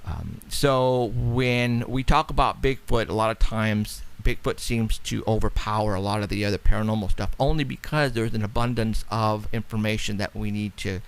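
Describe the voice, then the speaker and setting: A man with a gravelly, creaky voice hosts a talk show. He rambles casually and chats easily with listeners, with plenty of filler along the way. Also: fairly low pitch, moderate pace, hardly any pauses. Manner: rambling, chatty, laughs often. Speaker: radio show host.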